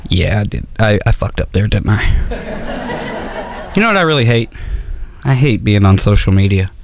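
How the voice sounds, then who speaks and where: A man's voice: lowish voice, expressive, normal speed, gravelly, background noise. A man doing a stand-up comedy routine, telling profane stories and acting out both sides of the arguments in raised voices. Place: comedy auditorium stage.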